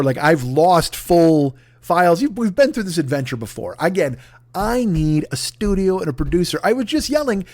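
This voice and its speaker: A man in his forties hosting a solo comedy podcast, ranting off the cuff, swearing a lot and jumping into loud shouted bits. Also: sits high, no room sound. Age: 40s. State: shaken up and jittery. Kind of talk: improvised comic monologue.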